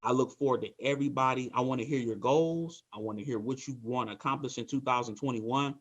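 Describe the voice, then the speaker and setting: A man's voice: mid-range voice, quick pace, a bit bright, highs cut off. A man leading a motivational sales training talk, speaking with energy and repeating himself as he coaches his team. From Michigan, USA. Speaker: team leader.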